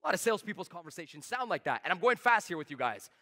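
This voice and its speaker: A man giving a live sales seminar, talking fast, emphatic and blunt, swearing freely at his audience. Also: high-pitched, sing-song, pushed and bright, in a large hall. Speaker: sales trainer.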